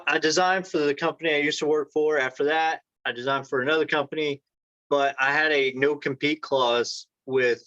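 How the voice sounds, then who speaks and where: A man's voice: medium pitch, a bit bright, dry recording. A man, an entrepreneur guest in an interview, telling long rambling anecdotes and acting out the dialogue he quotes. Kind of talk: casual storytelling interview. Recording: dry, dull lo-fi sound.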